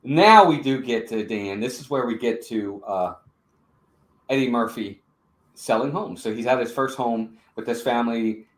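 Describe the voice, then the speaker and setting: A man's voice: medium pitch, normal speed, echoey room. A man co-hosting a live-streamed movie review, chatting and greeting viewers in the chat. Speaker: podcast co-host.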